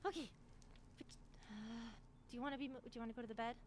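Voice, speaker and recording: A woman's voice: a little high, fairly even intonation, fast, a little hiss or hum. A woman improvising a healer in a roleplay, anxious and apologetic, stammering and repeating herself. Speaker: roleplay streamer playing a healer.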